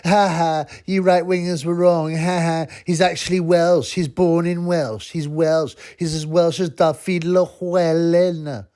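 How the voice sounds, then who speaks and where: A man's voice: on the high side, steady tone, measured pace, few pauses, mellow, smooth, pitched above the performer's own voice, lightly acted. A man putting on the voice of a gloating leftist who taunts with sing-song laughter. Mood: jeering.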